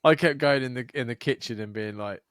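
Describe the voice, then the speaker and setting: A man's voice: medium pitch, brisk, a bit bright, dry recording, studio quality. A man co-hosting a podcast in casual chat, laughing often, swearing and giving blunt advice. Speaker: podcast co-host.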